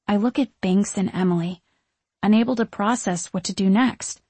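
A woman narrating an audiobook in the first person with expressive storytelling. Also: mid-range voice, normal speed, slightly rough, no room sound.

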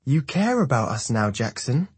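Man voicing a wisecracking young pilot friend, sarcastic, raised voice, husky tone. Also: a little high, very animated, measured pace, darkish tone, no room sound, voice pushed up, full character voice. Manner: sarcastic, complaining.

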